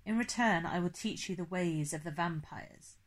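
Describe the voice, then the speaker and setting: A woman's voice: on the low side, normal speed, close to an everyday voice. A woman reading an audiobook, voicing a formal, commanding old male vampire who speaks stiffly and precisely, without contractions. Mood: explaining.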